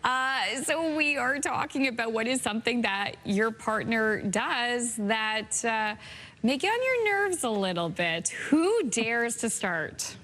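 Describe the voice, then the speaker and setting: A woman's voice: on the high side, expressive, slow pace, a bit bright. A woman hosting a morning TV chat, friendly and a little hesitant with small restarts. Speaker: TV morning host. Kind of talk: casual chat.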